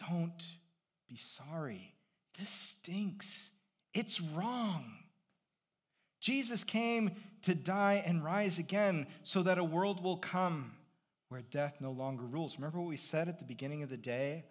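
A man's voice: a little high, measured pace. Conversational male pastor preaching. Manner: conversational, swings from loud emphasis to quiet reflection. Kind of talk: sermon.

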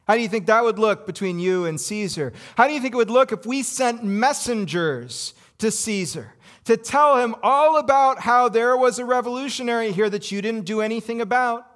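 A troubled Roman governor, as a man acts him out, speaks in a dramatic first-person monologue. He is intense and pushes rhetorical questions at the listener. His male voice sits a little high. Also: unhurried, pauses often, close to an everyday voice. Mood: anxious. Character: anxious Roman governor, a cornered middle-aged man.

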